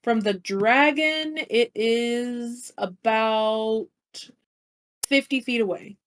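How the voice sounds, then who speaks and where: A woman's voice: fairly high pitch, very slow, background noise. A woman narrating as game master of a tabletop game, calling rolls and describing the enemies' turns.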